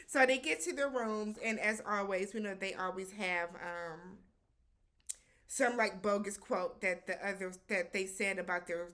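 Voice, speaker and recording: A woman's voice: medium pitch, pushed and bright. A woman hosting a casual reality-show recap, talking animatedly, slipping into quoted voices and slang.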